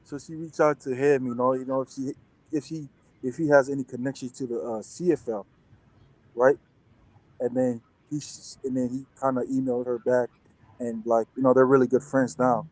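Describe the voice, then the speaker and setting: A young man, a football player, chats as an interview guest. He rambles through his story with a lot of restarts and fillers. His voice is mid-pitched, and the recording is dry and close. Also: level tone, normal speed, darkish tone, dry recording, rough recording. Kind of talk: casual interview chat.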